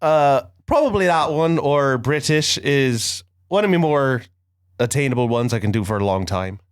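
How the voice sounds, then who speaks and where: Man on a podcast, casual, expressive up-and-down voice, mid pitch. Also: normal speed, clean tone, dry recording, studio quality. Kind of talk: casual chat.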